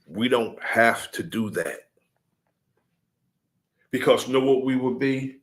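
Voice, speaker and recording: A man addressing his followers in a deliberate, preaching cadence, repeating his key points. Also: medium pitch, expressive.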